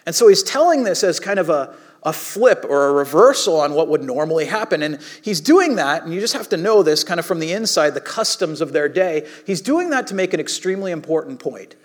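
Casual preacher, man, high-pitched voice, chatty sermon delivery with animated asides. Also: fairly quick. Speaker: pastor.

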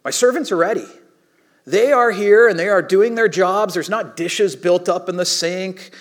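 A man with a high voice preaching a sermon. He talks casually and conversationally, breaking into animated asides as he explains the passage. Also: measured pace. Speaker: pastor.

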